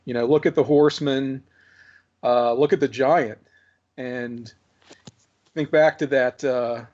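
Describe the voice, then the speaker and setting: A man's voice: medium pitch, fairly even intonation, takes it slowly, a little mellow. A man hosting a casual podcast chat, reflective and chuckling, repeating words as he works through his thoughts. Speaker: podcast host. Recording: muffled podcast audio.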